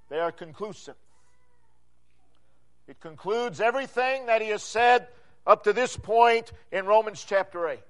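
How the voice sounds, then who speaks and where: A pastor delivers his sermon in an unusually high voice, speaking slowly and deliberately. He returns again and again to his refrains, swelling on some words and dropping away on others. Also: a bit bright. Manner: emphatic preaching with repeated refrains and rising and falling cadence.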